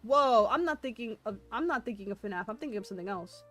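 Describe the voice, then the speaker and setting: A woman streaming a history presentation live, excitable and self-deprecating, laughing often and reading chat aloud. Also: on the high side, quick pace. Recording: faint music behind voice.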